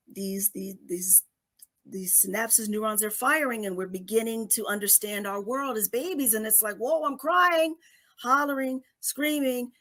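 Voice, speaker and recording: A woman's voice: a little high, bright, forceful tone. A middle-aged woman, a guest coach on an interview show, explaining in a teacherly way and checking in with listeners by asking "okay?" again and again. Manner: briefly acts out babies and parents.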